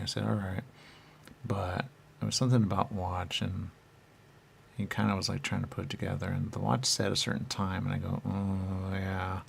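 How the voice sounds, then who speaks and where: A man talking in the first person as a dead spirit, rambling and halting, trailing off into fillers and jumping to high voices for quotes. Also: fairly even intonation, gravelly, a little hiss or hum.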